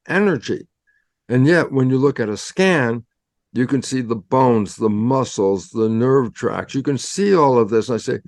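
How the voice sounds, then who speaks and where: A man with a mid-pitched voice explains science to a lay audience by acting out back-and-forth conversations. He fires off rhetorical questions and jumps his pitch up for emphasis. The sound is dry, with no room echo. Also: sing-song, unhurried, gravelly, darkish tone. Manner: acts out both sides of imagined conversations. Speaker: cell biologist guest explaining science. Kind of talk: animated explanatory storytelling.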